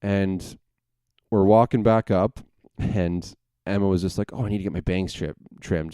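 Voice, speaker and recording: Low, mellow man swearing through a story. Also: clear, resonant tone, no echo. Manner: rambling, profane, full of self-corrections. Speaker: podcast host. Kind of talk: casual storytelling monologue.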